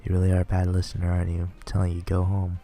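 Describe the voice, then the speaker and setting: A man's voice: deep voice, completely flat delivery, rapid-fire, dark tone, faint music behind. A man voicing a stern, curt male boss in a visual novel. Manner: blunt, curt. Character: gruff, stern older male work boss. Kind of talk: reading a visual novel aloud.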